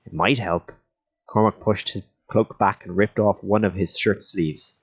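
A man narrating a story in a steady audiobook reading style. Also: on the low side, normal speed, husky. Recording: dull lo-fi recording.

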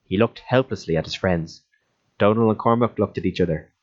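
Low-voiced male storyteller, lo-fi sound. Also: brisk. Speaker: narrator. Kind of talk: audiobook storytelling. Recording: dull lo-fi recording.

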